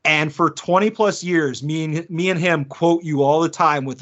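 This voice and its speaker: A man's voice: on the high side, brisk. A man co-hosting a podcast, telling stories casually, acting out quotes and laughing often. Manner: animated storyteller, acts out quotes, laughs often. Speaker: podcast co-host. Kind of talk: casual chat. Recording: dull lo-fi podcast audio.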